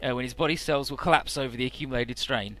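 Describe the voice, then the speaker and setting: A man's voice: mid-range voice, fast talker, bright, forceful tone, faint music behind, natural voice. A man voicing a grave, regretful male scientist explaining a grim medical outcome in a subdued way. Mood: somber.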